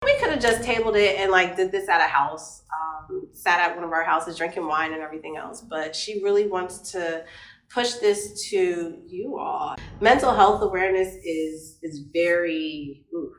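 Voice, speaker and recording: A woman's voice: fairly low pitch, moderate pace, fairly bright tone, echoey room. A woman co-hosting a casual podcast chat, laid-back and slangy, laughing often. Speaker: co-host.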